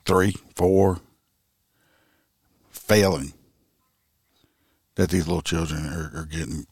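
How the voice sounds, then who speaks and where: Man, low voice, profane and rambling true crime host, close dry sound. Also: steady tone, slow, a little mellow, dry recording. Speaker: podcast host and police officer. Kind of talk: casual true crime commentary.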